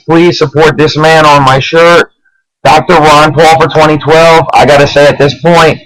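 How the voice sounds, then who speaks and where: A man's voice: a little high, fairly bright tone, poor audio. A man from New Jersey hosting his own web show, delivering an urgent, pleading political rant and begging viewers to act. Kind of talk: impassioned political vlog rant.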